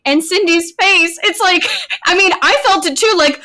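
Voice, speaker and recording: A woman's voice: very high voice, moderate pace, bright, forceful tone. A woman co-hosting a podcast in casual chat, talking chattily and correcting herself as she goes. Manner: chatty, self-correcting, apologetic asides. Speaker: podcast co-host.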